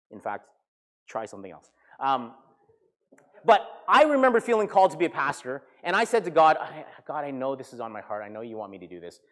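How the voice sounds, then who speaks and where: Animated man preaching a sermon. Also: on the high side. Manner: animated storytelling, acting out characters. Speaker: pastor.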